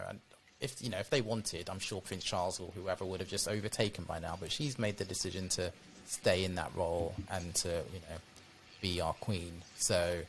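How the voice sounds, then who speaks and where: A man's voice: low voice, a bit bright, slight background noise. A man co-hosting a podcast in casual chat, conversational and fond of tag questions. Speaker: podcast co-host.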